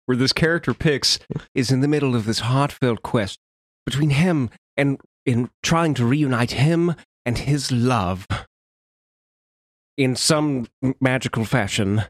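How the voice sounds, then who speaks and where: A man co-hosting a podcast, telling a story in casual chat with halting restarts. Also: mid-range voice, dry recording, studio quality. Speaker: podcast co-host.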